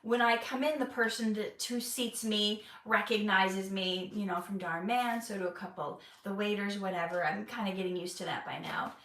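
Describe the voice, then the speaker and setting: A woman actress telling an animated personal story, laughing often and stumbling over restarts, recorded off mic in an echoey room. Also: medium pitch, normal speed, hardly any pauses, recorded from a distance. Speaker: actress and vlogger.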